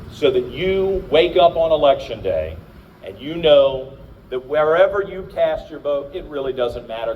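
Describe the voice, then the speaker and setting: A man's voice: medium pitch, distant mic, a little hiss or hum, low-quality recording. A middle-aged man from Virginia, a candidate and radio host, giving an emphatic speech to a crowd at an outdoor rally. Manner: emphatic, rousing, addresses the crowd.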